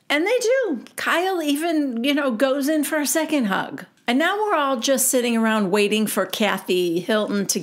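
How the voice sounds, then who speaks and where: A woman hosting her own recap show, chatting casually and retelling reality TV gossip by quoting the cast in her own voice. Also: high voice.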